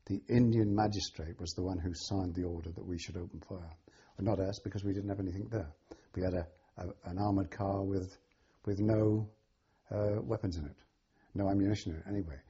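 An older man being interviewed, recalling events with a halting delivery full of ums and restarts. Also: low voice, fairly even intonation, dark tone, husky, lo-fi sound. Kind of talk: oral history recollection.

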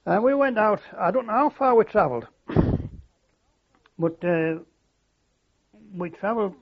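An older man recalling his wartime service in an oral history interview, halting and reflective, with many fillers and restarts. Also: a little high, vocal fry, husky. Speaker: war veteran interviewee. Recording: dull lo-fi recording.

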